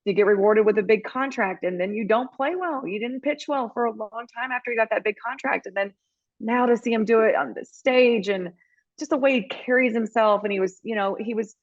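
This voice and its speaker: A woman's voice: on the high side, brisk, no echo, lo-fi sound. A middle-aged woman co-hosting a podcast, telling stories in a rambling, emotional way with many restarts. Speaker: podcast co-host and baseball team reporter. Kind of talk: casual chat.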